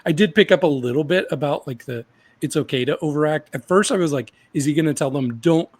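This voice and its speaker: Husky-voiced man, laid-back co-host. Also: a little high, quick pace. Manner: relaxed storyteller, laughs easily. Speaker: podcast co-host. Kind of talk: casual recap chat.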